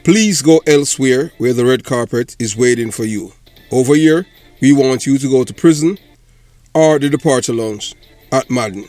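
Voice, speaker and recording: A man's voice: mid-range voice, normal speed. A Jamaican man hosts his channel in casual commentary. His tone is sardonic and dry, and faint music plays underneath. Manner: sardonic, rises to loud animated ranting. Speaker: channel host.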